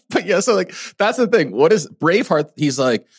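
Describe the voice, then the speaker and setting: A man in a casual podcast chat who chimes in with short reactions and quips. His pitch leaps around a great deal, and his voice sounds dry and close to the mic. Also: very animated, slightly rough, dry recording. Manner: quick reactive interjections and jokes. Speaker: podcast co-host.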